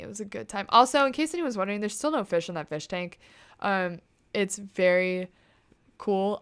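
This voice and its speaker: A young woman chatting casually to viewers as host of her own livestream, talking in quick, animated bursts with frequent asides. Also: medium pitch, smooth.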